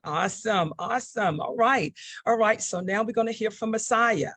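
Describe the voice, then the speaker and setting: An upbeat woman hosts a panel talk show, her voice husky and grainy. The sound is dry and close, with no room around it. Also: on the high side, normal speed, a bit bright, dry recording. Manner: upbeat, repeats "awesome".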